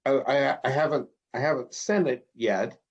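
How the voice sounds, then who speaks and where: A man of middle pitch stammers and halts his way through an improv scene, sounding nervous and unsure. The recording is dull and lo-fi. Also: normal speed. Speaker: improv comedian.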